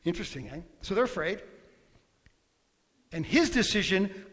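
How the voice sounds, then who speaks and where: A man preaching a sermon, emphatic, swinging between loud bursts and quiet asides. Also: high-pitched, very animated, moderate pace, long pauses. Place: church hall. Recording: long hall reverb.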